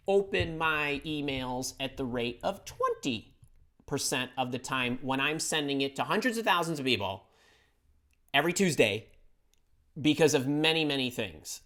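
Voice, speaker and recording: A man's voice: mid-range voice, pushed and bright. Blunt, emphatic man hosting a live Q&A. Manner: emphatic, blunt, repeats words for stress. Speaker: career advice host answering viewer questions. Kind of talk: live-stream Q&A, casual and opinionated.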